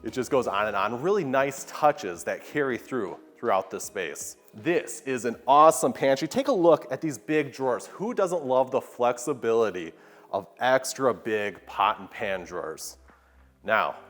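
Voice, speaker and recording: An upbeat man giving a walkthrough tour of a large kitchen, enthusiastically pointing out its features. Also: medium pitch. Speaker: home tour guide. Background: soft background music.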